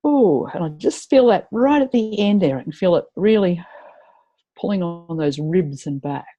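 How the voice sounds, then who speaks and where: A woman's voice: on the low side, lively intonation, moderate pace, mellow, muffled recording. A woman leading a live tapping webinar, chatty and encouraging as she guides her attendees.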